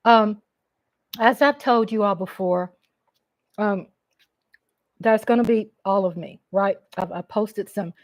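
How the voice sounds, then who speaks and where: A woman's voice: mid-range voice, takes it slowly, pauses often, dry recording. A middle-aged woman from Texas with a Texan accent, chatting casually with viewers on a live stream at home and greeting them by name.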